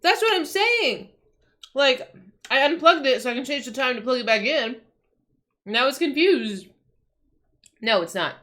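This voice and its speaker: A woman's voice: high voice, animated, moderate pace, long pauses, fairly bright tone. A woman streamer chatting casually at home, ranting in exasperation, swearing and restarting her sentences. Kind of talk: casual livestream chat.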